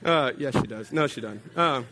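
A male pastor preaching a sermon, telling humorous stories with sudden jumps in pitch and loudness and calling out to the congregation. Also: moderate pace. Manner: humorous, animated storytelling with big swings of pitch and volume; addresses the congregation directly with call-outs.

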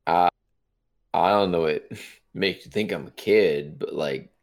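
A man in his twenties co-hosting a casual podcast, laid-back and quick to laugh and joke. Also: low-pitched, gravelly. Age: 20s. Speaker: podcast co-host. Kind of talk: casual chat.

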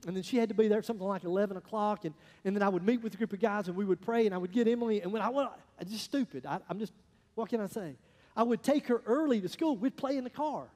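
A high-pitched man preaches to his congregation in a folksy, storytelling way. His voice rings through a big hall with a long reverb tail, swinging from loud bursts to hushed asides. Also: quick pace. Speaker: pastor. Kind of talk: sermon.

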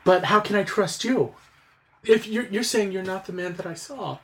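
A man's voice: sits high, moderate pace, pitched above the performer's own voice. A man doing a jittery, secretive young maid. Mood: nervous. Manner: hesitant, stammering, hushed. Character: nervous secretive young female servant.

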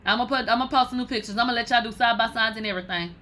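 Bright-voiced, blunt, profane woman host. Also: a little high, racing, low-quality recording. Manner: blunt, profane, loud and animated. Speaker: podcast host. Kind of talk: casual gossip commentary.

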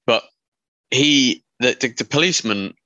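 A man's voice: medium pitch, unhurried, bright, forceful tone, no room sound, highs cut off. A man co-hosting a podcast, telling a long rambling story in casual, sweary chat and mimicking the people in it. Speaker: podcast co-host.

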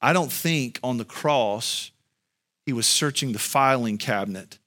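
A man delivers a sermon in an earnest, conversational way, talking straight to his congregation. His voice sits at an ordinary middle pitch, then climbs high and loud when he drives a point home. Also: unhurried. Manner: conversational, addresses the congregation directly. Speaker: pastor.

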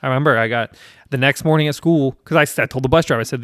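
A man in his thirties from South Carolina hosts a casual chat, racing through a rambling, profane story punctuated by self-deprecating laughs. His medium-pitched voice has a fairly bright tone, captured in a dry, studio-quality recording.

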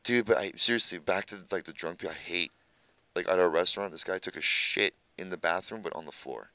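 A man's voice: low-pitched, brisk, bright, forceful tone, no echo. A young man co-hosting a podcast, telling crude, rambling stories, swearing freely, and acting out his friends. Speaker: podcast co-host. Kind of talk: crude casual banter.

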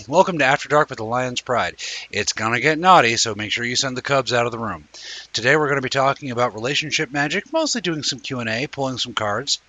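Bright-voiced, profane man co-hosting. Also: medium pitch, animated, brisk, no room sound. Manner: loose, profane, joking. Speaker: co-host. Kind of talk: casual livestream chat.

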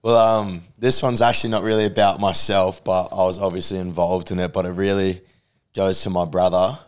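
Young man, deep low voice, rambling casual storytelling, lots of fillers. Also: little pitch movement, fairly quick, clear, resonant tone. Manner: rambling, filler-heavy, swearing. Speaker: podcast co-host.

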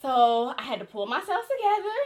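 A woman in her thirties hosting a podcast, telling a story in casual chat and acting out quotes with a lively voice. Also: sits high, fairly quick, slight background noise. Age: 30s. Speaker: podcast host.

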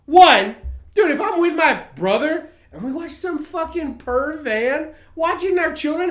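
A man co-hosting a casual comedic podcast, telling the story in an animated, profane, joking way. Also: very high voice, unhurried, echoey room. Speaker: podcast co-host.

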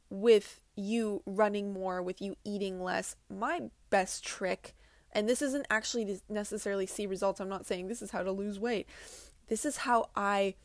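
A spiritual wellness vlogger talks casually and earnestly to camera about healing and self-love, addressing her viewers directly and often repeating her points. Her voice is mid-range, with no room sound.

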